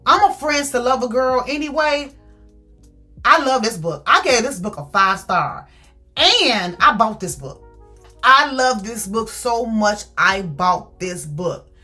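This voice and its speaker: A woman giving a casual, animated book review, retelling the story with acted quotes. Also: on the high side, slow, soft background music.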